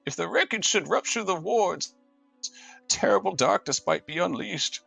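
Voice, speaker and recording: A man doing a high, solemn old mage. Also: animated, normal speed, vocal fry, a bit bright, husky, dry recording, soft background music, exaggerated voice, low-quality recording. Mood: fearful. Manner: solemn old-man reading voice, higher than his own. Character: old male mage journal writer, grave and fretful.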